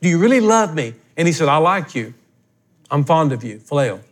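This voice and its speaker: High-voiced older preacher, blunt and folksy. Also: male voice, big pitch swings, a little fast. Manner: folksy, blunt, emphatic preaching with rising outbursts. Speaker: pastor. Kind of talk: sermon.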